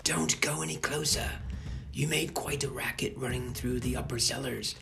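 A man's voice: mid-range voice, moderate pace, vocal fry, over music, lightly acted. A man voicing a wary adult ally who speaks in urgent whispers in a storybook reading. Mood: hushed urgent.

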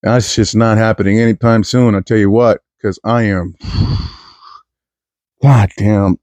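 A man's voice: lowish voice, steady tone, normal speed, darkish tone, dry recording. A young man from East Texas talking into a podcast mic in a crude, self-mocking monologue full of stumbling restarts. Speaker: podcast host. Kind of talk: rambling comedic monologue.

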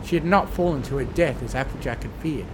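Man, horror story reading, lively rising and falling voice, traffic noise behind. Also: medium pitch. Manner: measured, dramatic storytelling. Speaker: fan fiction reader.

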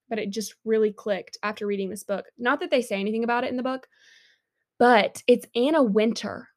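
A woman co-hosting a podcast in casual chat, upbeat and chatty, going off on tangents. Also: medium pitch. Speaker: podcast co-host.

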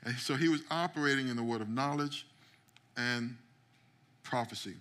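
A middle-aged man preaching a sermon as pastor, telling stories and acting out quotes, building up to loud climaxes. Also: mid-range voice, normal speed. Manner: storytelling, acts out quotes, builds to shouting climax.

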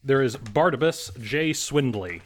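Halting man running a tabletop game. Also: mid-range voice, expressive. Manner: halting, many ums and restarts. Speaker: game master. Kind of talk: narrating a tabletop horror game.

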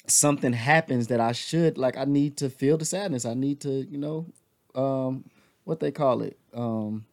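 With a darkish, mid-range voice and some vocal fry, a man co-hosts a relaxed podcast. He jokes, teases his friend and laughs a lot before growing reflective and opening up honestly about how he feels.

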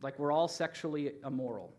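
A man's voice: a little high, fairly quick, darkish tone. A man preaching a sermon as pastor in a casual, conversational way, with frequent fillers.

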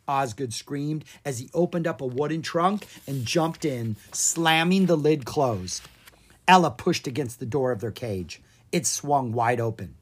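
Slow playful narrator reading a kids' storybook, really animated. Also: medium pitch.

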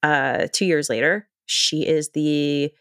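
Animated woman co-host in casual chat. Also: low voice, takes it slowly. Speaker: podcast co-host.

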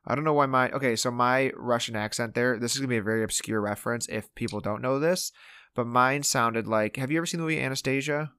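Podcast co-host, male, mid-pitched and joking, on a dry close mic. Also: sharp tone, clear, resonant tone, no echo. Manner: playful, jokey, does quick impressions. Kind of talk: casual podcast chat.

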